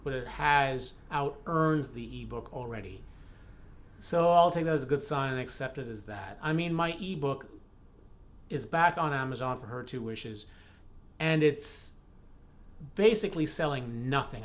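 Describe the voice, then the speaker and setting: A man speaking in a relaxed vlog about his work as an author. He talks off the cuff, often backing up to restart a sentence and filling pauses with "like" and "I mean.". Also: mid-range voice. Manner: thinking aloud with restarts and frequent "like". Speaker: romance author vlogger. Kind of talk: casual vlog talk.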